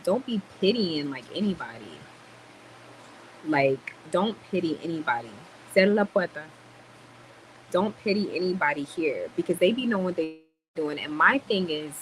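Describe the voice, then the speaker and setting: Woman, livestream rant, annoyed, swearing, lowish voice, faint background noise. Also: low-quality recording. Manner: animated, swearing, venting. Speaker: livestream host. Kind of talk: ranting livestream chat.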